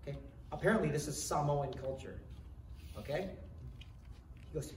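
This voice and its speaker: A man's voice: fairly high pitch, expressive, normal speed, pauses often, slight background noise. A man preaching a sermon in an earnest, conversational way, often restarting his sentences. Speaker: pastor. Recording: roomy echo, voice from some distance, faint ambience.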